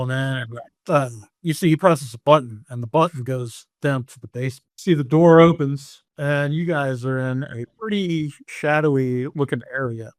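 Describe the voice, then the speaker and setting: A man narrating a tabletop game as game master, halting often with ums and likes. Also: mid-range voice, dry recording, studio quality.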